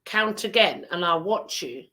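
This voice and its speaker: A woman voicing a calm, wise male stranger who speaks steadily and reassuringly. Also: on the low side, measured pace.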